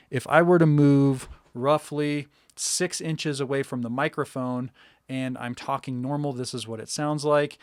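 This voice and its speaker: A man's voice: mid-range voice, moderate pace, clean tone, no room sound, clean studio sound. A man giving a casual, step-by-step spoken review of a microphone. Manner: relaxed, conversational, explaining step by step. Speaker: tech reviewer.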